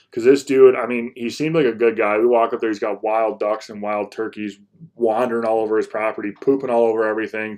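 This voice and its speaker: Young male hunting vlogger, casual and rambling, slightly low voice. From Michigan. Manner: rambling, restarts and repeats words. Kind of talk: casual vlog talk to viewers.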